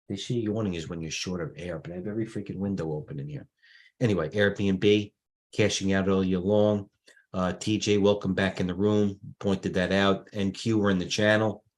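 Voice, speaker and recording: A man's voice: fairly low pitch, a little mellow. A middle-aged man hosting a live market stream, rambling through charts with restarts and fillers. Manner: rambling, thinks aloud, frequent restarts and fillers. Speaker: stock market livestream host. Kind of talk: casual market commentary over charts.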